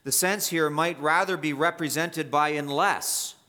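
Guy preaching a sermon, bright sharp voice, kinda high, hammers his points over and over. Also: unhurried. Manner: emphatic, repeats key points, rises for stress. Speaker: pastor. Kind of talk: expository sermon.

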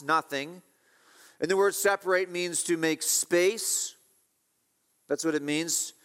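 A man preaching an expository sermon, emphatic, repeating key phrases and swinging between loud and hushed. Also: fairly high pitch, clear, resonant tone. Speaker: pastor. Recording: reverberant hall.

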